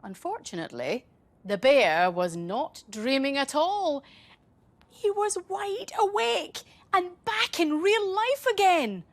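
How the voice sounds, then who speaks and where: Slow, expressive woman storyteller. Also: high voice. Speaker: teacher. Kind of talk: bedtime story reading.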